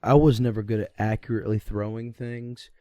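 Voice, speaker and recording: A man's voice: fairly low pitch, little pitch movement, brisk, dark tone, no room sound, muffled recording. Laid-back young man rambling through stories. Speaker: podcast co-host. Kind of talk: casual storytelling chat.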